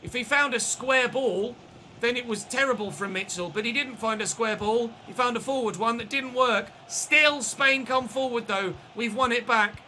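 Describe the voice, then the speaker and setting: A man commentating his own football video game match, excitable and shouting at goals, his voice going hoarse. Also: extremely high pitch, moderate pace, a little hiss or hum. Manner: shouts and celebrates goals, then chats calmly. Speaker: gaming commentator. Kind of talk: excited live gameplay commentary.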